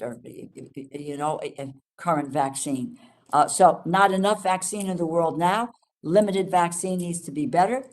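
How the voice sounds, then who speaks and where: A woman's voice: deep voice, a little mellow. A woman in her seventies chairing a congressional hearing, giving emphatic closing remarks from a hearing room, often stopping and restarting her sentences. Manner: halting, emphatic, many restarts. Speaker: committee chair.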